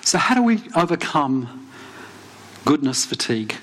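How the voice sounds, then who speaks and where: Pastor telling a story from the pulpit. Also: male voice, very animated, a little hiss or hum. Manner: storytelling, dramatic pauses, drops low and soft for emphasis. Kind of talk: sermon.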